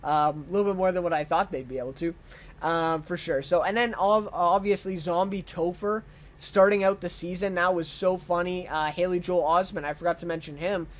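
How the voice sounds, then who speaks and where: A man's voice: high voice, steady tone, fairly quick. A man giving a casual unscripted TV show review, enthusiastic and full of ums and uhs.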